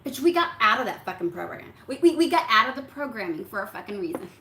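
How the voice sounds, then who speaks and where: A woman's voice: fairly high pitch, sing-song, fast talker, bright, forceful tone. A woman giving a casual tarot reading, chatty and blunt, swearing freely and acting out what her listeners think. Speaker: tarot reader. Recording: echoey room with faint background hum.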